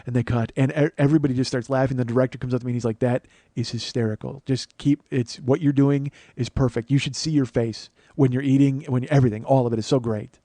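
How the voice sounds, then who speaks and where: A man's voice: mid-range voice, steady tone, fast talker, few pauses, warm tone, no echo. A man hosting his own podcast, telling a long comic story in a rambling, profane, self-mocking way. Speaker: comedian podcast host. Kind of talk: solo storytelling monologue.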